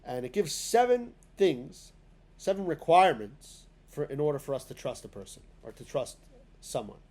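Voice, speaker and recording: A man's voice: on the high side, big pitch swings, normal speed, a little mellow. A man teaching a spoken lesson in a synagogue class, talking in a conversational way full of fillers and restarts.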